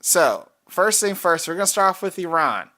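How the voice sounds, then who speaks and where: A man's voice: high-pitched, very animated, normal speed, bright, forceful tone. Rambling male podcast co-host. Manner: rambling, self-correcting, frequent fillers. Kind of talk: casual chat about soccer picks.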